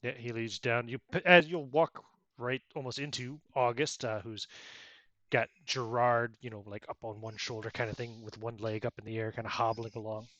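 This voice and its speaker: A man's voice: medium pitch, steady tone, normal speed, a bit bright, dry recording, lo-fi sound. A man narrating as game master in a loose, chatty way, with many fillers.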